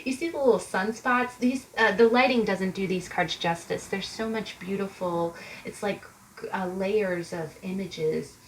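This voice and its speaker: A mid-range, measured voice belongs to a woman doing an informal tarot reading for her viewers, addressed right to them. The recording is rough with a little hiss or hum, and her talk rambles with many fillers and false starts.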